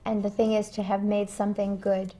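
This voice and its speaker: A woman working as a spiritual medium who talks earnestly in an interview, telling stories with emphatic pauses. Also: medium pitch, monotone, warm tone. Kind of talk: interview conversation.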